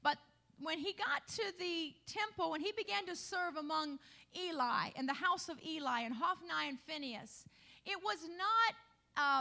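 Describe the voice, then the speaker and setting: A woman's voice: extremely high pitch, vocal fry, pushed and bright. A middle-aged woman pastor preaching a sermon, putting rhetorical questions to her congregation.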